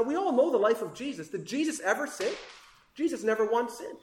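A man preaching a sermon with passion, swinging between loud emphasis and hushed asides. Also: very high voice, reverberant.

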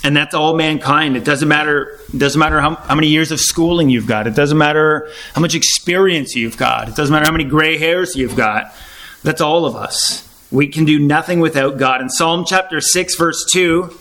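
A middle-aged man preaching a sermon, reading scripture slowly and then explaining it in a plain, casual way. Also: fairly high pitch, bright, forceful tone, rough recording.

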